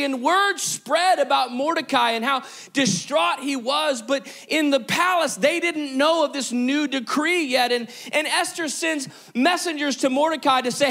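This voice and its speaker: A male pastor preaching a lively sermon and calling on the congregation to respond. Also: extremely high pitch, a little slow, few pauses.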